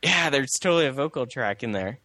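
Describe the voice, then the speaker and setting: A man's voice: mid-range voice, animated, fairly quick, bright, forceful tone, no echo. A young man co-hosting a casual podcast, rambling with lots of fillers and restarts. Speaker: podcast co-host. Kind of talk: casual chat about video games.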